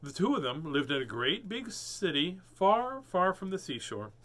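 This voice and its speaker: Playful bright-voiced man reading stories. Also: a little high, very animated, normal speed. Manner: playful, jokey. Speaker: storybook reader host. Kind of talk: casual livestream storytime.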